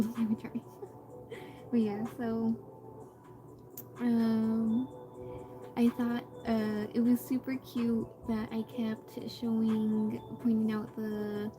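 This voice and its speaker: A woman live streamer with a voice on the high side chats casually while she draws, over background music. She rambles with lots of fillers and restarts and greets viewers in passing. The recording quality is low.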